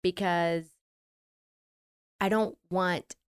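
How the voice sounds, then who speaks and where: A woman's voice: fairly low pitch, steady tone, very slow, clean tone, dry recording, clean studio sound. A middle-aged woman with a rural American accent, co-hosting a podcast in casual, reflective chat that rambles and breaks into laughs. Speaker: podcast co-host.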